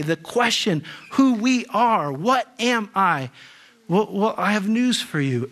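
A man's voice: sits high, fairly bright tone. A male pastor preaching a sermon earnestly, often repeating and restarting words. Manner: earnest, with frequent word repetitions and restarts.

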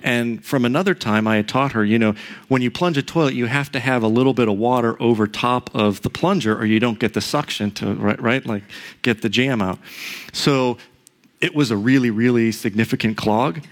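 A middle-aged male pastor tells a personal story during his sermon, speaking conversationally with frequent asides and tag questions. His voice is medium in pitch and moderately paced.

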